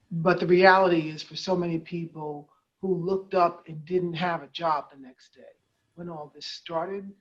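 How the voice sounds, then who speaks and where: A woman's voice: fairly low pitch, fairly bright tone. A woman hosting a conversational interview, talking in a rambling way with many fillers and restarts. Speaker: host, nonprofit head. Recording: dull, lo-fi sound.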